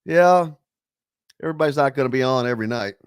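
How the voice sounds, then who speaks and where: A man's voice: medium pitch, fast talker, smooth, dry recording, clean studio sound. A man hosting a casual sports talk radio show, rambling loosely with plenty of fillers and reading listener comments aloud.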